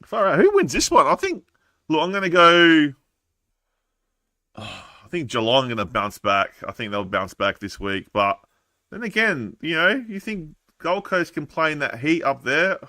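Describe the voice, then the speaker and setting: A man's voice: a little high, sing-song, a little slow, bright, forceful tone, no echo, studio quality. An Australian man hosting a footy podcast, upbeat and steering the segments in casual chat. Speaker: podcast host.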